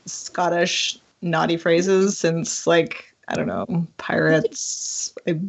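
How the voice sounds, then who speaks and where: A woman's voice: fairly low pitch, little pitch movement, slow pace, vocal fry. A woman co-hosting a casual group livestream, hesitant and giggly. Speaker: co-host. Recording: lo-fi voice call audio.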